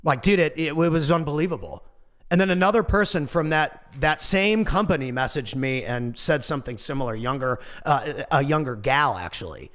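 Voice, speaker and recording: A man in his forties delivering a casual motivational monologue, animated and goofy, swearing now and then. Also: on the high side, normal speed. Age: 40s. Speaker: motivational speaker.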